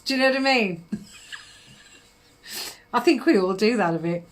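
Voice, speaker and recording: A woman's voice: on the high side, expressive, normal speed, slight background noise. A middle-aged woman, giving psychic readings on a live stream in a chatty manner, laughing often and calling viewers darling.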